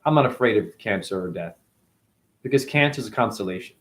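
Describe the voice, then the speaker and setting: A man's voice: lowish voice, animated, a little fast, a bit bright. A man hosting a casual livestream, reading viewer comments aloud and rambling in loose, slangy talk.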